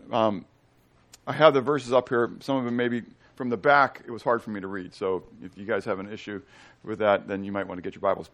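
Animated man preaching a sermon. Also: mid-range voice. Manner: animated, asks the congregation questions; swings from loud to hushed. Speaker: pastor.

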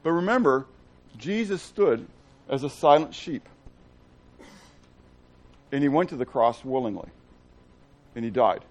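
A man preaching a sermon in a casual style, asking the congregation rhetorical questions and swinging from hushed to loud and excited. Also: medium pitch, unhurried, long pauses. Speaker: pastor.

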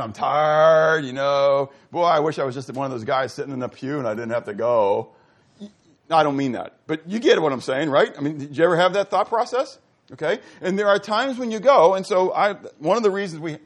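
A male pastor preaching a sermon, asking rhetorical questions and restarting phrases with stammers. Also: fairly high pitch.

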